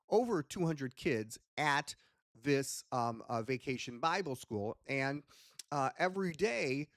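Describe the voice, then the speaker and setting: Animated male hypnotist host. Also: medium pitch, no echo, studio quality. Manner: rambling and animated, with many ums and restarts. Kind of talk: casual teaching talk.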